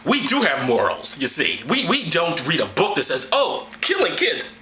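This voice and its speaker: Mocking male vlogger, high and very bright voice, crude sarcasm, echoey room. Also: wildly swooping pitch, normal speed, slight background noise. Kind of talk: sarcastic commentary, reading aloud.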